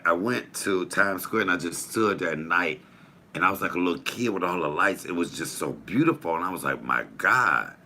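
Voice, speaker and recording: Low, punchy man telling stories. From Detroit, USA. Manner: animated, swearing storyteller with playful asides. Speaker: comedian hosting a live chat show. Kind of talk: casual chat to viewers.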